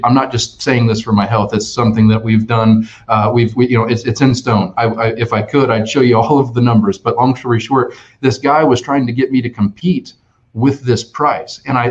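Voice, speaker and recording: A man talking as a sales expert on a webinar, energetic and full of restarts and "right?" tags. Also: mid-range voice. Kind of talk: conversational webinar talk. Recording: dull lo-fi online webinar audio.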